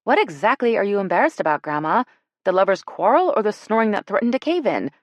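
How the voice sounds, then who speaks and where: A woman's voice: mid-range voice, big pitch swings, fast talker, dry recording, voice pushed up, lightly acted. A woman voicing an exasperated young woman with a snappish, dry manner, in an audiobook.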